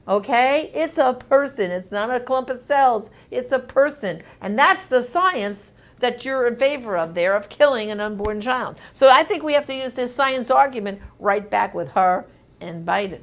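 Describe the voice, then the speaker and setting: Animated woman reading viewer comments. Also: on the high side, normal speed. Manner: animated, emphatic, conversational. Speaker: host answering viewer comments. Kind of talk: casual live comment reading.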